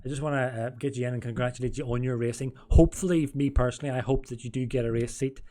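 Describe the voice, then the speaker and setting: A man's voice: mid-range voice, steady tone, rapid-fire, warm tone. A man hosting a live online stream, talking in a loose, rambling way. He corrects himself mid-sentence, drifts off topic and jokes with his guests. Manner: rambling, self-correcting, jokey. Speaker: stream host and interviewer. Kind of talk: casual live-stream interview.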